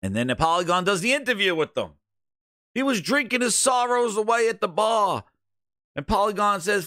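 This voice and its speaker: A man's voice: high voice, animated, normal speed, sharp tone, no echo, studio quality. A man hosting a gaming channel, doing crude, joking commentary.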